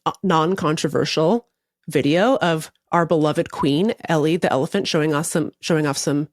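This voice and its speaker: A woman co-hosting a podcast, chatting casually in a wry, deadpan way with some swearing. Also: sits low, moderate pace, no room sound, clean studio sound. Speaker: podcast co-host.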